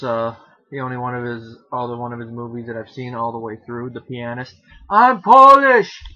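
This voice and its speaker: Bright-voiced man reviewing a film. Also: mid-range voice, highs cut off. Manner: rambling, self-correcting, casually joking. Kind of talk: casual film review monologue.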